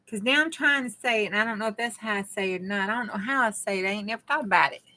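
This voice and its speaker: A woman's voice: mid-range voice, very fast, pushed and bright, poor audio. A woman with a Southern US country accent, chatting to her viewers while she works on a craft project, chopping off her words as she gets going. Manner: chatty, talks to viewers while working, drawls and chops words. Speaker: crafting channel host. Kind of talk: casual crafting vlog chat.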